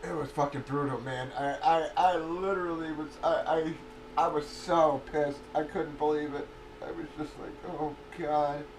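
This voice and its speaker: A man with a fairly high voice hosts a livestream, talking loosely and swearing a lot, often breaking into laughter. He sits a little back from the mic, and a faint hiss runs under his voice. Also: fairly even intonation, normal speed, distant mic, rough recording. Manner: profane, rambling, laughs often. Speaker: livestream host of card breaks. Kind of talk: casual livestream chat. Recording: voice a bit off-mic with faint noise.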